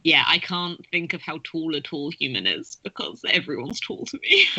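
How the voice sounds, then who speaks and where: A woman narrating as game master of a tabletop game, chatty and quick to giggle. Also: sits low, very animated, pushed and bright, husky, dry recording, rough recording.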